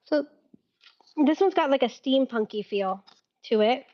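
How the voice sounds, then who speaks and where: A woman with a high, bright-pitched voice chats through a live-stream sale, giggling and laughing at her own mix-ups. The sound is a little dull and lo-fi. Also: expressive, a little slow. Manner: giggly, chatty, laughs at herself. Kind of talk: casual live-stream selling chat.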